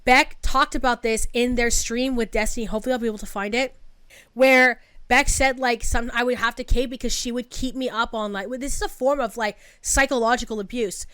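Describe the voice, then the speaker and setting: A woman's voice: a little high, fairly even intonation, fairly quick, fairly bright tone, smooth, no echo, clean studio sound. A woman hosting a commentary channel, reading messages aloud and explaining her take with lots of likes and restarts.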